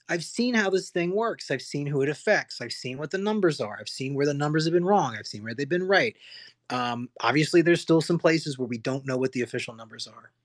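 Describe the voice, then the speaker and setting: Impassioned man ranting on a livestream. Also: fairly high pitch. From United States. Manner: impassioned, rambling, frequent restarts and rhetorical questions. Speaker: livestream host. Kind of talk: solo livestream rant.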